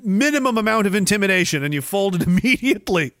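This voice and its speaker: A man's voice: expressive, brisk, hardly any pauses, fairly bright tone, dry recording. A man hosting a livestream, ranting in a profane, rambling way and mocking others with sarcastic put-on voices. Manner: sarcastic, mocks others in high mimicking voices. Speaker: livestream host.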